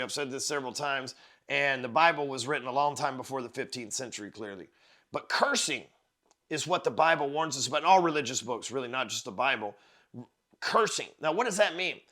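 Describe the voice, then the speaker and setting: A man's voice: fairly high pitch, bright, forceful tone. A man hosting a podcast, giving a blunt, profane motivational monologue that circles back on its points. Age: adult parent of four. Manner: emphatic, profane, repeats words while building a point. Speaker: podcast host.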